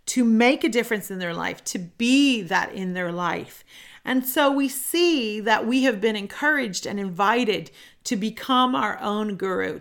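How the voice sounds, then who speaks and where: Woman, middle-aged, podcast host, solo self-help talk, earnest, animated storytelling, mid pitch. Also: vocal fry.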